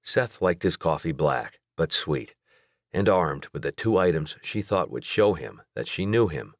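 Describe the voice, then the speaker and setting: A male audiobook narrator reading in a steady, measured way. His voice sits very low. The recording is dry and close. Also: no room sound. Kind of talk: scripted narration.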